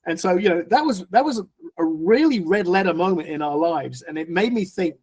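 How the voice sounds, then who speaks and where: A man appears as a podcast guest and tells a personal story in an animated way. He restarts his sentences often as he goes. His voice sits somewhat higher than most men's. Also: moderate pace, breathy edge. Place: podcast recording.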